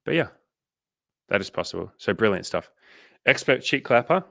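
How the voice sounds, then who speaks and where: A man's voice: lowish voice, animated, normal speed, vocal fry, pushed and bright, dry recording, clean studio sound. A young Australian man coaching casually on a livestream, swearing freely and acting out inner voices as he talks.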